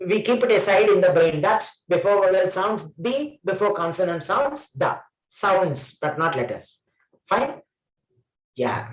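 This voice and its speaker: A man giving a classroom grammar lecture, emphatic and often quizzing his students. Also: high-pitched. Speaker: trainer. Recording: roomy classroom echo.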